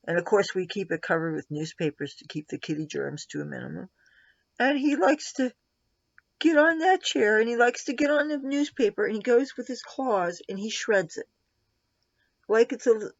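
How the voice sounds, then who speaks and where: At home in her room, a woman films a makeup tutorial, rambling and talking fond baby talk to her cat between steps. Her voice is medium-pitched. The recording has no room sound, and the highs are cut off.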